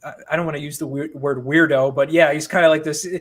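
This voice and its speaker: A man with a fairly high voice, speaking as the guest writer in a casual interview. He tells stories with lively, self-mocking energy, his voice jumping up when he gets excited. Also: quick pace. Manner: animated, self-mocking storyteller. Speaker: comic book writer, guest.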